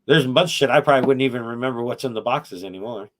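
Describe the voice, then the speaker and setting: A man's voice: medium pitch, very fast, fairly bright tone. A middle-aged man hosting a casual podcast chat, telling rambling, profane, wry stories about his YouTube channel.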